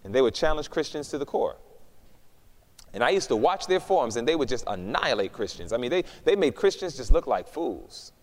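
Lively preacher man in an echoing hall. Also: mid-range voice, fairly quick. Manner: lively storyteller, acts out dialogue. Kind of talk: testimony sermon.

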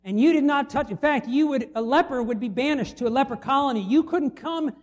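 A man's voice: extremely high pitch, fairly quick. A middle-aged man preaching a sermon, conversational and full of rhetorical questions to the congregation. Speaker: pastor.

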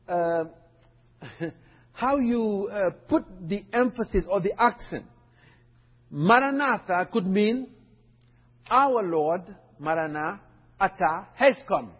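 Male preacher, husky, unhurried teaching sermon, keeps asking "right?", dull recording in a large echoing hall. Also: sits high. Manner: teaching, repeats points and checks in with "right?".

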